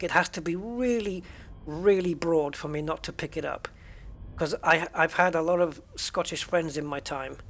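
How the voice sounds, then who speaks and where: A man's voice: on the high side, fairly bright tone. Chatty British man in his fifties. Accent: British English. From United Kingdom. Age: 50s. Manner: rambling, chatty, jokey asides. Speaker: gaming streamer. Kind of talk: casual chat while playing a space game.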